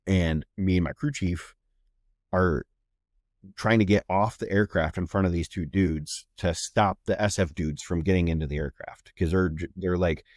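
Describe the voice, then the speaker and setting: A man's voice: sits low, a little fast, darkish tone, no room sound, clean studio sound. A man from Ohio, a flight medic, telling blunt, profane, matter-of-fact war stories in a casual podcast interview. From Ohio, USA.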